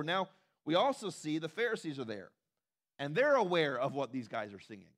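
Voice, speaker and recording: Male pastor, slightly higher voice, chatty sermon with quick asides. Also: very animated. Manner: conversational preaching with asides and quoted voices.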